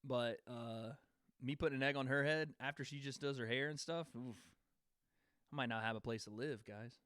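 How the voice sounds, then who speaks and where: A man's voice: mid-range voice, normal speed, fairly bright tone, clear, resonant tone, no echo, clean studio sound. Laughing young man chatting with his stream. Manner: laughing, bantering with chat. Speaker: livestream host. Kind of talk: casual livestream chat and fight predictions.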